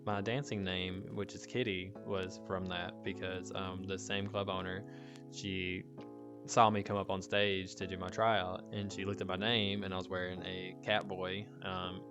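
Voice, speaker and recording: A man's voice: sits low, little pitch movement, unhurried, lo-fi sound, music in the background. A man hosting a podcast, chatting casually with many fillers and frequent laughter. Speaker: podcast host. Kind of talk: casual chat.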